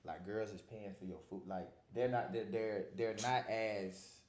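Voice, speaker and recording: A man, a podcast guest telling stories in a relaxed, slangy way. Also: on the low side, unhurried, echoey room. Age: 20s. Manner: laid-back, slangy storytelling. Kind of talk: casual podcast chat.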